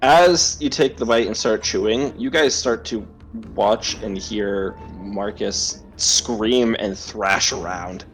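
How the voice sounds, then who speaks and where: A man narrating as game master over a video call, calm and matter-of-fact. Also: lowish voice, slow, faint music behind, rough recording.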